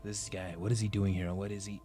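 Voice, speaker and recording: A man dramatically reading a fan-made visual novel aloud, voicing the protagonist with expressive outbursts and frequent swearing. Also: fairly low pitch, fast, faint music behind. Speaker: game reader, voicing the protagonist.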